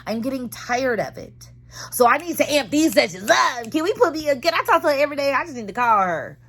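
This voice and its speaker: A woman in her thirties, chatting in a casual vlog from her car. She tells her story candidly and dramatically, heavy on slang. Her voice sits a little high and swoops up and down a lot. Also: big pitch swings, brisk, fairly bright tone, slightly rough. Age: 30s. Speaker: vlogger. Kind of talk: casual chat.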